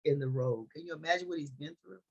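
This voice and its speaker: A woman's voice: low-pitched, fast talker, breathy edge, muffled recording. A woman teaching scripture in a conversational, preachy way, often restarting her sentences. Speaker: Bible study teacher.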